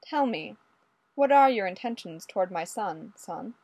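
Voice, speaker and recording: A woman voicing a courtly, mild old male Mountie with a polite, unhurried, old-fashioned manner. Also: mid-range voice, lively intonation, a little mellow, no room sound. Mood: genial.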